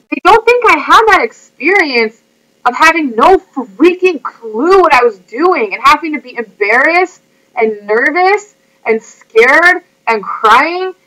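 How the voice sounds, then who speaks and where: A woman fitness coach speaks to her viewers in a motivational vlog. Her voice is high and bright, with a sharp edge. She talks in a chatty, earnest, emotional way and fills her sentences with "like". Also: low-quality recording.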